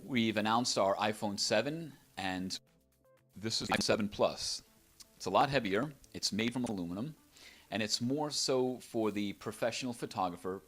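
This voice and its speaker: A man with a low, deep voice describes his invention in a relaxed interview. He talks with enthusiasm, rambling and restarting his sentences. The conversation was recorded in an apartment. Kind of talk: casual product interview.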